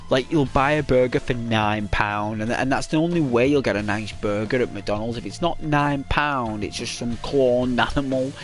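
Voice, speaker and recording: A man's voice: mid-range voice, moderate pace, few pauses, faint music behind. Rambling man chatting on a game stream. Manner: rambling, full of fillers. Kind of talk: casual live-stream chat.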